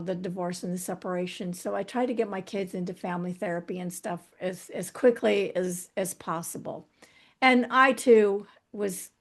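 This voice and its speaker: A middle-aged woman as an interview guest, talking candidly and reflectively about her past, often restarting her sentences. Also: mid-range voice. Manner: earnest, reflective, halting with restarts. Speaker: guest author.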